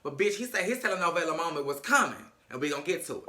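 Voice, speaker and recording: Brief: high-voiced sassy male vlogger cursing through gossip, in a roomy echo. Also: expressive, racing, pushed and bright. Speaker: reality TV recap vlogger. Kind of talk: casual commentary. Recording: echoey room.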